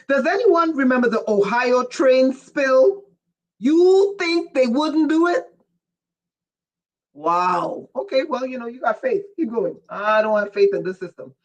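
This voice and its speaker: A livestream host reading viewer chat, who gets excited and raises their voice, often breaking off with "whoa" and asking listeners whether they follow. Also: medium pitch. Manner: breaks off with repeated "whoa" and "wait". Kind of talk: casual livestream talk to viewers.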